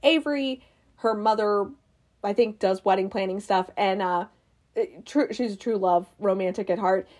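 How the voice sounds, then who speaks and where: A woman's voice: mid-range voice, moderate pace, darkish tone. A young woman recapping a movie in a chatty, rambling way, laughing often and restarting her sentences. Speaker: movie review vlogger. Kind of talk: casual chat recapping a movie.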